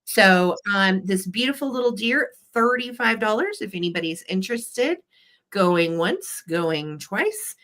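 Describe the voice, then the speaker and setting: A woman's voice: medium pitch, big pitch swings, measured pace, fairly bright tone. A woman hosting a live vintage sale, chatty and upbeat, running auction countdowns. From western United States. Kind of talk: live selling chat.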